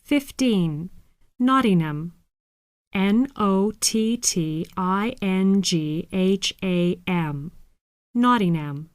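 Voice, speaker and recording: Slow, careful woman spelling words. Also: medium pitch, lively intonation, smooth, dry recording, studio quality. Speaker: exam audio reader. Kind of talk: scripted instructional reading.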